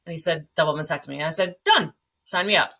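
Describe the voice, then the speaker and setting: A woman in her forties telling her story as a podcast guest, animated, acting out quoted dialogue, swearing and laughing along the way. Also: sits low, quick pace. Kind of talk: candid storytelling.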